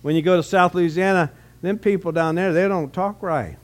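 Higher-voiced preacher. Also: male voice, moderate pace. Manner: conversational preaching with frequent restarts and rhetorical questions. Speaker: pastor. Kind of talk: sermon.

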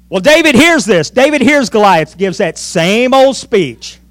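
Animated high-voiced male preacher. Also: moderate pace. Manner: animated storytelling, acts out voices. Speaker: pastor. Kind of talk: sermon. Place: church.

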